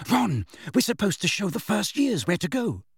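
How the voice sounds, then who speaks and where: A man voicing a bossy, flustered teenage schoolgirl in an audiobook, brisk and commanding. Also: high-pitched, very animated, husky, no room sound, clean studio sound, voice pushed up, heavily acted. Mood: scolding.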